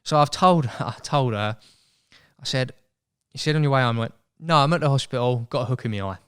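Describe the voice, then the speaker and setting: A young man telling a story as a podcast guest in casual chat, animated and acting out voices. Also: medium pitch, a little fast, smooth. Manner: chatty, animated, acts out quoted voices.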